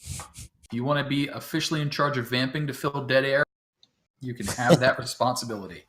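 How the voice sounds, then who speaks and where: A man acting as game master, explaining the setup to his players in a relaxed way, with many fillers and chuckles. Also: mid-range voice, fairly quick. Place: home, talking over voice chat.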